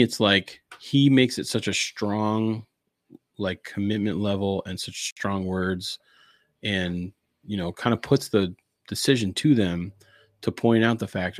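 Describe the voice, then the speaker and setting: A man's voice: low-pitched, dry recording, clean studio sound. A man co-hosting a church podcast, talking casually about faith, laughing often and acting out characters in funny voices. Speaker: podcast co-host.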